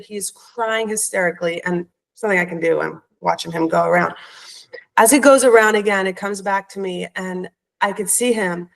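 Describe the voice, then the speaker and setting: A woman's voice: medium pitch, poor audio. Heartfelt woman telling a personal story. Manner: heartfelt, animated when retelling. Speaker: podcast guest.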